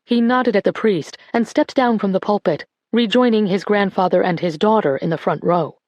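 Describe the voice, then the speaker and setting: A woman narrating an audiobook in a calm, even voice on a close studio mic. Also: mid-range voice, moderate pace, no echo, muffled recording.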